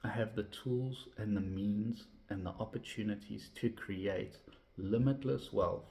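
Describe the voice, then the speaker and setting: A man's voice: a little slow, creaky, warm tone. A man, talking candidly to camera, swearing often and ranting with heat. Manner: swears constantly, heated and ranting; drops to low, reflective tone. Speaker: vlogger. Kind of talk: candid personal talk to camera.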